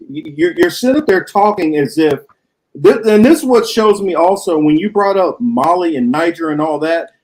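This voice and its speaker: Man, slightly high voice, blunt and profane, heated political debate. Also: darkish tone, low-quality recording. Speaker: political show co-host.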